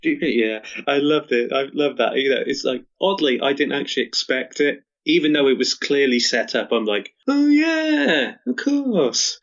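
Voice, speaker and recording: A man's voice: mid-range voice, brisk, hardly any pauses, fairly bright tone. A man co-hosting a podcast, joking around in casual chat and tossing in mock quotes. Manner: playful, throws in mock quotes and jokes. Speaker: podcast co-host. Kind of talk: casual chat with jokey asides. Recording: slightly dull lo-fi audio.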